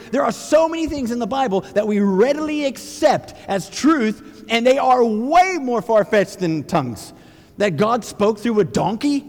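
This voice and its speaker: A man preaching a sermon with passion, firing rhetorical questions and building to near-shouting. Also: high-pitched, in a large hall.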